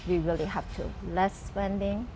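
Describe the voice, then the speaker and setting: A woman's voice: mid-range voice, steady tone, moderate pace. A woman from Korea with a Korean accent, a congresswoman answering a news interview earnestly, repeating points for emphasis. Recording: noticeable background noise.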